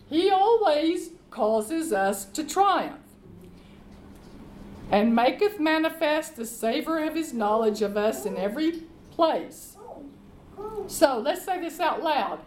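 Slow, high-voiced woman preaching. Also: animated. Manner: slow, emphatic scripture reading with call-and-response. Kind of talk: sermon. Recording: echoey room with faint background noise.

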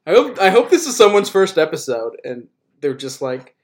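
A man's voice: a little high, big pitch swings, normal speed. A man hosting a podcast, telling rambling stories with frequent laughter and swearing. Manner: laughing, profane, rambling anecdotes. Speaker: podcast host. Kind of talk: casual chat, storytelling.

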